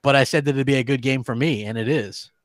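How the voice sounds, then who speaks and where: A man co-hosting a casual gaming podcast, chatty and quick to laugh. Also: mid-range voice, dry recording, clean studio sound. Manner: chatty, laughs often, quotes friends. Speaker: podcast co-host.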